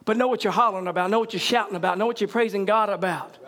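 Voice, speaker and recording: A man preaching a revival sermon to his church. He shouts in fervent surges and breaks into hallelujahs, then drops low and quiet to tell the story. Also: very fast.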